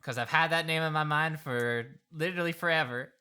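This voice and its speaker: A man playing a tabletop game, answering the game master in slow, hesitant replies. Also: on the high side, heavy background noise. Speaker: player.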